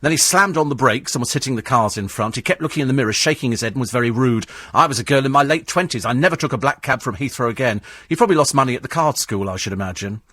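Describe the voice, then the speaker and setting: Mocking radio host, dry studio. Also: male voice, medium pitch, lively intonation, quick pace, hardly any pauses, a bit bright, no room sound. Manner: combative, mocking, sarcastic. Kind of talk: talk radio monologue reading listener texts. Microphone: studio microphone.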